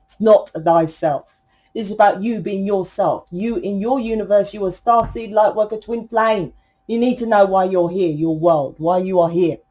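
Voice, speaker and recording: Brief: outspoken woman tarot reader, mellow dark tone, swears freely, lectures with force. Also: mid-range voice. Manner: blunt, swearing, preachy, emphatic. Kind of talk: collective tarot reading.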